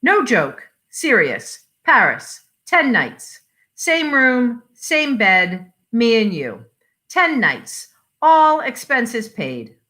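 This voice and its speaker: A woman's voice: on the high side, huge pitch swings, extremely slow, bright, forceful tone, voice pushed up, exaggerated voice. A woman reading the part of an impulsive middle-aged husband who speaks in short, insistent phrases. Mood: cheerful.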